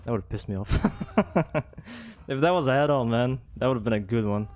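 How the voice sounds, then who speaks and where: A man giving casual live gameplay commentary as a streamer, excitable, swearing and laughing often. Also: medium pitch, fast talker, slight background noise. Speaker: gaming streamer.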